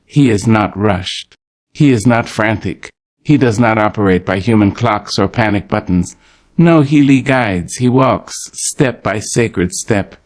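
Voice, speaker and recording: A man delivering a poetic morning prayer in a slow, rhythmic, preacherly manner, speaking tenderly to the listener. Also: on the low side. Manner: tender, pastoral address to the listener. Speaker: prayer narrator.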